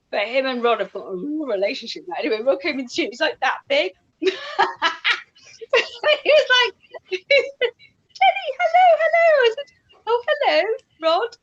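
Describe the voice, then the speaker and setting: A woman's voice: on the high side, fairly bright tone. A woman chatting casually as a guest, telling rambling stories and laughing often. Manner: bubbly, laughing, rambling storyteller. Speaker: radio presenter guest. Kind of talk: casual chat. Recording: dull lo-fi audio.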